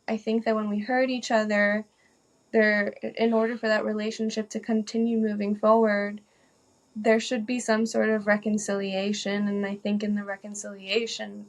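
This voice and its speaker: A woman's voice: mid-range voice, vocal fry. A woman talking as a podcast guest, reflective and chatty, saying "like" often. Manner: reflective, uses "like" a lot, laughs easily. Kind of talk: casual conversation.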